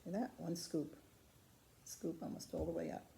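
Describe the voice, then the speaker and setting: A woman speaking at a low pitch and normal pace walks viewers through ceramic painting one step at a time, chatting to the camera as she goes. Her teaching is calm, patient, and chatty, recorded in a craft studio with a faint hiss or hum.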